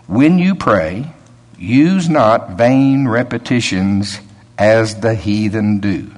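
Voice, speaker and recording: A man preaching a sermon in a conversational way, rising to emphatic peaks and chuckling between points. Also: fairly low pitch.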